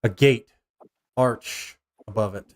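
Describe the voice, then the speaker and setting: New Zealand man narrating a tabletop game. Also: fairly low pitch. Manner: halting, restarts while describing scenes. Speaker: game master.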